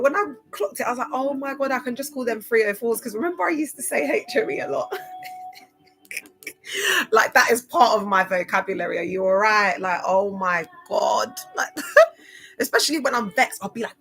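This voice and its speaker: A woman's voice: fairly high pitch, expressive, normal speed, fairly bright tone, faint music behind. A woman hosting a casual livestream, chatty and laughing often, spelling out some words. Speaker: livestream host.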